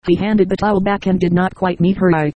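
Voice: mid-range voice, flat delivery, brisk, dry recording, lo-fi sound. A text-to-speech narrator reading a science fiction novel, voicing symbols and numbers aloud literally. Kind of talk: scripted audiobook narration.

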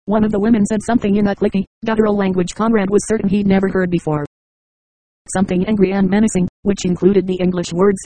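Synthetic speech voice, audiobook narration, monotone, mellow, dry close sound. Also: mid-range voice, fast, no echo, poor audio. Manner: even, mechanical delivery. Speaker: audiobook reader. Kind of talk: scripted narration.

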